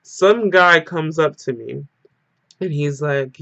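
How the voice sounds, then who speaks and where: A young man recounts a night out in a casual storytime vlog. His voice sits a little high for a man and runs animated and emotional, filled with "like". The audio sounds somewhat muffled and lo-fi. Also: takes it slowly, creaky. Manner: animated, emotional retelling full of "like". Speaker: storyteller vlogger.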